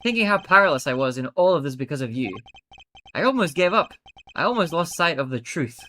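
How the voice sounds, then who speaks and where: A man's voice: a little high, lively intonation, brisk, bright, forceful tone, a little hiss or hum. A man doing an earnest young prosecutor.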